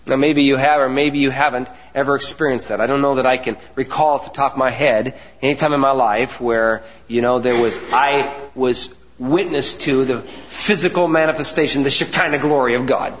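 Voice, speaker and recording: A man's voice: mid-range voice, fairly even intonation. Earnest preaching man in an echoing hall. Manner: earnest preaching with emphatic pauses, drops to soft asides. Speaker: pastor. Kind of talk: sermon. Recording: dull sound with long hall reverb.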